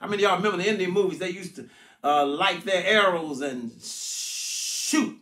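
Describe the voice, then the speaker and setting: High-voiced older preacher in an echoing room. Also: male voice, normal speed, sharp tone. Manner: emphatic preaching with repeated "watch this" and "listen" cues. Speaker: pastor. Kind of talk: sermon-style Bible study. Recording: roomy echoing sound.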